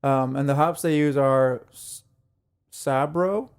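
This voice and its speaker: A man co-hosting a casual podcast, easygoing and quick to agree in the banter. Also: mid-range voice, clean tone. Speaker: podcast co-host. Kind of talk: casual chat.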